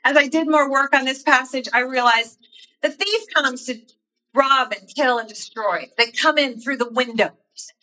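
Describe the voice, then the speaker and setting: A woman giving a devotional talk in an earnest, personal storytelling way with soft asides. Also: sits high, a little slow, low-quality recording. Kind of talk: sermon.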